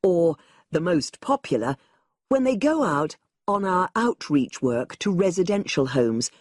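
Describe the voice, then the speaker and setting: A woman reading a scripted listening-test monologue as a museum staff member briefing new volunteers, clear and explanatory as she gives directions. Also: on the low side, a little mellow, dry recording, clean studio sound. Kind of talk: scripted exam listening recording.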